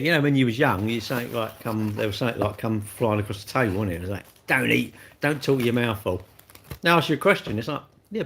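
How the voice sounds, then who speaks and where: A man chats in a loose, cheeky ramble on a home livestream. He talks with his mouth full and answers viewers as he goes. His pitch sits in an ordinary middle range. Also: fairly bright tone, a little hiss or hum. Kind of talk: casual livestream chat while eating.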